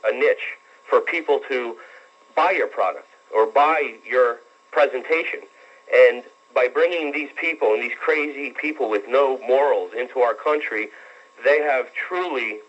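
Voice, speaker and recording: Earnest young male radio caller. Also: medium pitch. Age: 20s. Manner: earnest, rambling, halting. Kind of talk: phone-in talk radio. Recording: dull lo-fi radio broadcast.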